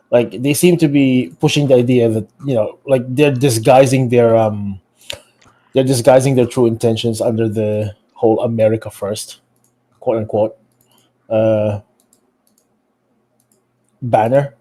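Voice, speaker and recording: Mellow-voiced man rambling in frustration. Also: mid-range voice, fairly even intonation, a little slow, long pauses. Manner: rambling, heavy with fillers like "like" and "you know", frustrated. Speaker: podcast co-host. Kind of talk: casual political chat.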